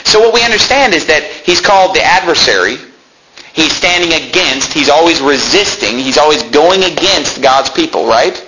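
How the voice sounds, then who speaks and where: A man's voice: on the high side, animated, moderate pace, background noise. A man preaching a sermon in a church, reading scripture aloud and telling his listeners which words to underline. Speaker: pastor.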